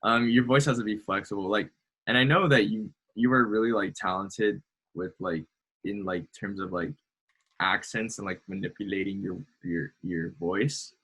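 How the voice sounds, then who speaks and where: A man with a husky, slightly low voice asks questions in a relaxed interview. His manner is laid-back and slangy. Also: normal speed. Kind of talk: casual interview chat.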